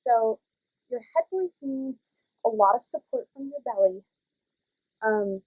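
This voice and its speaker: Chatty woman teaching kids voice warm-ups. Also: a little high, animated, slow pace, slightly rough, no echo. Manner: chatty, many fillers, demonstrates voices. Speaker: children's theater teacher. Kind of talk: casual warm-up lesson for young kids. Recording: dry, phone-like audio.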